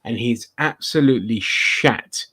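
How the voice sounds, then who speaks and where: A man with an ordinary mid-pitched voice hosts a loose open-forum chat. He swears freely and rants bluntly, piling up complaints in long runs of casual talk. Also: measured pace, sharp tone, slightly rough. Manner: profane, blunt ranting. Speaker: podcast host.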